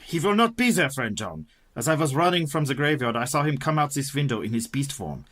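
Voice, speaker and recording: A man's voice: mid-range voice, big pitch swings, fairly quick, fairly bright tone. A man voicing an older male vampire-hunting professor in a radio play, speaking in a formal, commanding way. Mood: grave. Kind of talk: community radio play acting.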